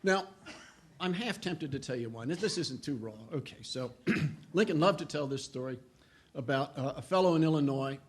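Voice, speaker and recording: An older man, a historian giving a humorous storytelling lecture who often clears his throat and acts out quoted voices. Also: a little high, normal speed, slight background noise.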